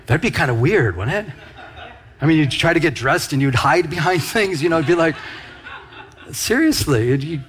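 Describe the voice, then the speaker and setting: A male pastor giving a conversational sermon. He is animated and speaks straight to his congregation, with frequent asides to them. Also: fairly high pitch, moderate pace.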